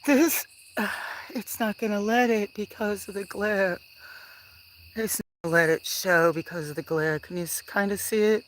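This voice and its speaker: A woman hosting a casual livestream from her farm, soft-spoken and touched, chatting with viewers. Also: mid-range voice, fairly even intonation, moderate pace, slight background noise, low-quality recording. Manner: soft-spoken and emotional, thanking viewers warmly. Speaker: livestream host. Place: outdoors on a small farm.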